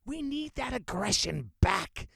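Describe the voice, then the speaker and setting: A male podcast host rants off the cuff in a joking, animated style, his pitch leaping up and down. He sits close to the microphone in a dry, dead-sounding space. His voice sits fairly high for a man. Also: unhurried, gravelly, slightly rough, dry recording. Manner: animated, joking, laughs often. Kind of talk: unscripted comedic rant.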